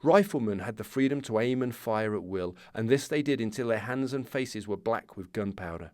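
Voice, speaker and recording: A man's voice: lowish voice, expressive, normal speed, darkish tone, no room sound, clean studio sound. A man hosting a history podcast, reading scripted narration with casual asides. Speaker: podcast host.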